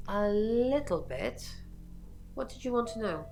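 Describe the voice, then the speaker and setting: An actress playing a calm female tarot reader in a video game, speaking in a measured way with dry wit, over game music. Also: medium pitch. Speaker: game character.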